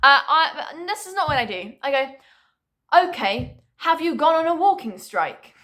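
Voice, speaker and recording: A young woman tells a story in a chatty, animated way, swearing freely and laughing often. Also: high-pitched, moderate pace. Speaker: vlogger. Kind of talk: casual storytime monologue.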